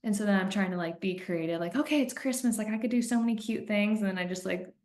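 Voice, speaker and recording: A woman's voice: mid-range voice, quick pace. Woman host, 30s, chatty storyteller; echoey room. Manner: chatty, animated storytelling with laughs. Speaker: podcast host and coach. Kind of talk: casual podcast chat. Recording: roomy echo.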